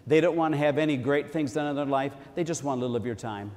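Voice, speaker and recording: A man's voice: on the high side, fairly even intonation, fast talker, darkish tone, in a large hall. A man preaching a sermon in a church in a conversational tone, repeating key phrases for emphasis.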